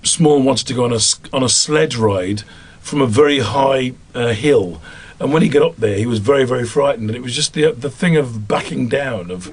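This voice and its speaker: A man's voice: mid-range voice, normal speed, husky. A man with a Black Country accent from the English Midlands, a voice actor chatting about his work in an interview and often laughing at himself. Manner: chatty and self-amused, laughs easily. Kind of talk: interview answers.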